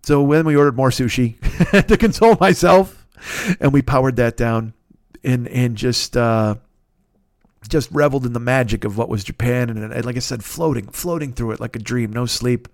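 A podcast host spins a casual story in a medium-pitched, middle-register voice at normal speed, swearing freely as he goes. His delivery is animated and chatty, and the recording is dry and close with no echo.

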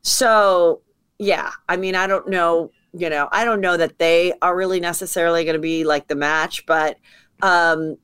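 A woman comedian telling stories as a podcast guest, chatty and quick to act out what people said. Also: lowish voice, fairly even intonation, fairly bright tone, clear, resonant tone. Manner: chatty storyteller acting out quotes. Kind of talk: casual podcast chat.

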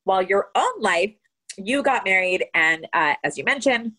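Woman interviewer, pitch moves around a lot, friendly questions. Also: expressive, moderate pace, sharp tone. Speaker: podcast host.

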